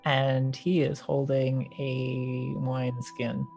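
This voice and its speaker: A woman's voice: rumbling low, level tone, very slow, vocal fry, mellow, faint music behind. A woman narrating as game master in a tabletop game, casual and hesitant.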